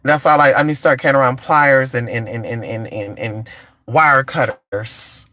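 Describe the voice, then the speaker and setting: A man's voice: medium pitch, moderate pace, sharp tone, dry recording. A man from California hosting a casual live stream chat, flamboyant and sassy, calling listeners honey and cheering on the chat. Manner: cheers on chat with repeated come on. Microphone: phone or computer mic on a live stream.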